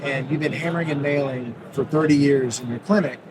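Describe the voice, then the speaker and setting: A man's voice: mid-range voice, fairly quick, a crowd in the background. A middle-aged man, an orthodontist guest, answering earnestly and explaining with homespun analogies on a busy exhibit hall floor. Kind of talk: conversational interview answers. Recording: noisy convention floor.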